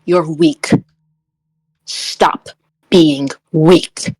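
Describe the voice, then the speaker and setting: A woman's voice: deep voice, steady tone, drawn-out words, a little mellow, slightly rough, pitched below the performer's own voice, heavily acted. A woman voicing a ruthless woman fighter who threatens coldly. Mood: contemptuous. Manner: cold, threatening.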